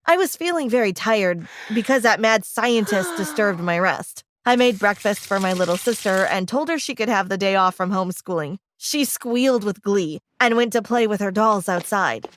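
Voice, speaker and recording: A woman narrating a first-person story, reading expressively. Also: mid-range voice.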